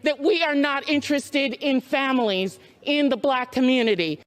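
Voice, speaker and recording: High voiced woman in a tv clip, indignant. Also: normal speed.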